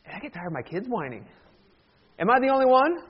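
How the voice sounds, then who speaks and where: Male pastor, light humorous sermon, high voice, muffled lo-fi. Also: big pitch swings, fast talker, husky. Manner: joking, conversational storyteller. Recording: dull lo-fi sound.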